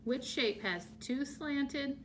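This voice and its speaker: A woman teacher explaining shapes to young children, slow and exaggerated in her delivery. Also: high voice, slight background noise. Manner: slow, drawn-out, exaggerated for small kids.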